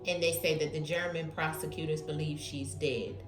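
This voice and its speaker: A woman's voice: deep voice, fairly even intonation, normal speed. A woman doing a chatty spiritual tarot reading, talking to viewers as family with lots of fillers. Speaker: tarot reader. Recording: echoey room with music behind.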